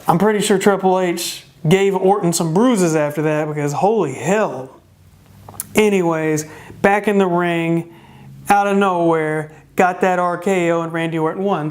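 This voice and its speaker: Snarky wrestling review, lots of "what?" type questions, voice getting a bit hoarse. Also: mid-range voice. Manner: sarcastic, full of rhetorical questions. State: starting to lose voice. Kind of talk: casual spoken review.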